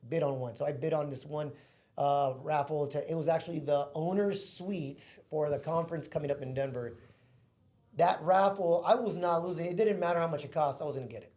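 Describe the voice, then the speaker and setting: A man telling a personal story as a podcast guest, in an excitable, casual way full of slang. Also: on the high side, fairly quick.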